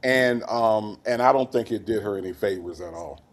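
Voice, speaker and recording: A man's voice: on the low side, normal speed. A man co-hosting a casual livestream commentary, laid-back, slangy and dryly teasing. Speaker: co-host.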